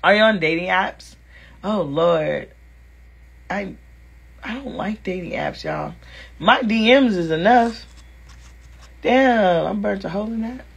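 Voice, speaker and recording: A woman vlogger talks straight to her viewers, recounting a date in a casual, animated way. She is blunt and sassy. Her voice has a husky edge at a middle pitch. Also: slow pace, long pauses.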